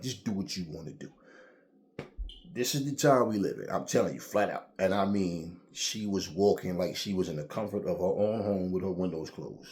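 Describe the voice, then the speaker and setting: A man talking casually to camera about boxing, telling stories in a profane, animated way with lots of slang. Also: fairly low pitch. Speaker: boxing commentator.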